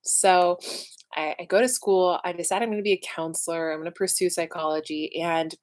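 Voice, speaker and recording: A woman's voice: on the low side, steady tone, a little fast, rough recording. A young woman hosting a casual livestream, chatty and emotional, with plenty of fillers. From Southern California. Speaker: channel host.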